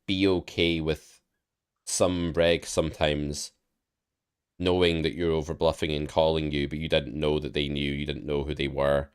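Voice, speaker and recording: A man's voice: very deep voice, level tone, normal speed, smooth, dry recording, studio quality. A man coaching poker over an online call, talking bluntly and casually and swearing now and then.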